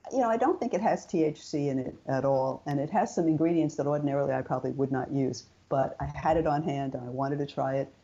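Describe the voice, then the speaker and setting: An older woman, a guest in an interview, telling her personal story in a chatty, animated way and acting out quoted dialogue. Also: low voice, fast, hardly any pauses, dull audio.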